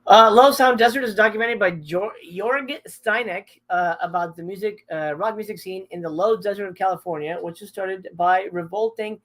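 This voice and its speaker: Middle-aged male streamer, casual and cursing, emotional and halting as he reacts to chat. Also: high-pitched, fairly bright tone. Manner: candid and emotional, swears often, trails off and restarts. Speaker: live stream host. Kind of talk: casual live-stream chat, reading viewer comments.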